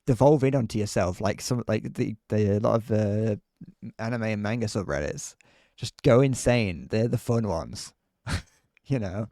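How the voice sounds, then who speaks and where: A man's voice: fairly low pitch, normal speed, dark tone, no echo, studio quality. A young British man chatting casually on a live gaming stream, rambling with frequent restarts and laughs.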